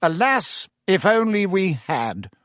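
A man's voice: high voice, very animated, slow, a bit bright, no echo, clean studio sound, pitched above the performer's own voice, exaggerated voice. A man voicing a pompous, bustling middle-aged male minister who talks in a fussy, self-important way. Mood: bitter.

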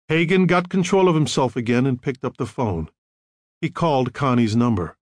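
A man narrating an audiobook in a measured, grave tone. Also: medium pitch, dry recording, studio quality.

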